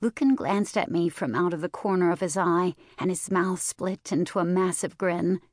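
A woman reads a first-person novel aloud in a low-pitched, measured voice. Her storytelling is steady and controlled. The recording is dry and close, with no room sound. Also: dry recording. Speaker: audiobook narrator. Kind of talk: first-person fiction narration.

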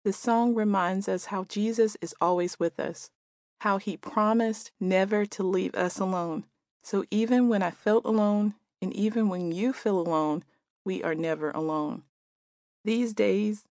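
A woman in her forties narrates her own book in a gentle, reflective tone. Her voice sits at a middle pitch. The recording is dry, with no room sound. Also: no room sound. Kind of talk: audiobook narration.

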